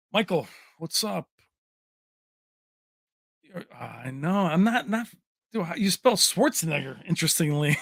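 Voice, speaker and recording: A man's voice: on the high side, vocal fry, fairly bright tone, no echo, studio quality. A man hosting a casual tech livestream, chatting with viewers, answering their comments and laughing often.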